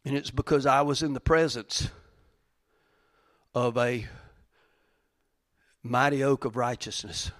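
A middle-aged male pastor preaching a sermon, dropping to quiet, hushed lines and then rising to loud, fervent preaching. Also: medium pitch, steady tone, takes it slowly, long pauses, no room sound, studio quality.

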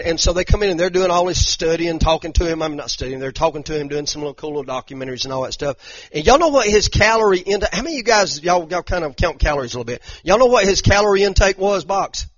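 Animated preacher, husky voice. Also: male voice, fairly high pitch, quick pace, few pauses, no room sound. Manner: animated, dramatic retelling, frequent repeated "and"s, southern "y'all". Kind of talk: sermon. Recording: dull lo-fi sound.

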